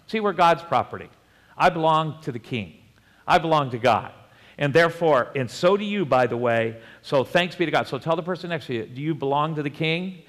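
Male pastor preaching, slightly high voice, chatty with little jokes and chuckles. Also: expressive, fairly bright tone, in a large hall. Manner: conversational, with joking asides and chuckles; reads scripture slowly and deliberately. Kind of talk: sermon.

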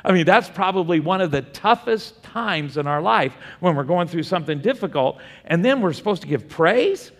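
A man's voice: high-pitched, animated, moderate pace, hardly any pauses. A man preaching a Bible study sermon, asking the room questions and answering them himself. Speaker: pastor teaching a Bible study. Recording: long hall reverb.

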